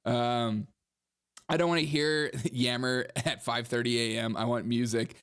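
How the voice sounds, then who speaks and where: A man's voice: mid-range voice, steady tone, measured pace, a bit bright, clean tone. Sarcastic man riffing on headlines. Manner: sarcastic, laughs often, riffs on headlines. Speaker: podcast host. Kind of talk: comedic political commentary.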